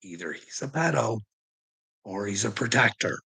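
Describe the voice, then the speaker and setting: Gravelly man ranting at his chat. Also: on the low side, expressive, normal speed, pushed and bright, low-quality recording. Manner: combative, profane, needling viewers by name. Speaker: livestream host.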